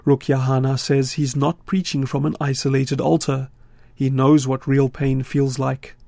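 A man reporting a radio news feature in a measured, scripted voice-over from a studio. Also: medium pitch, gravelly, no room sound. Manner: measured, steady delivery.

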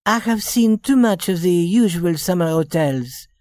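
A woman's voice: lowish voice, animated, measured pace, dark tone, dry recording. A woman voicing a young shop girl posing as a rich lady, speaking politely in a scripted story reading. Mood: genteel. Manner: polite, genteel, then plainly candid.

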